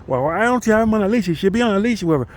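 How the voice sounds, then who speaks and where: A man's voice: high-pitched, expressive, very fast, pitched above the performer's own voice. A man voicing a fussy old woman who scolds and nags, repeating herself. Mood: scolding.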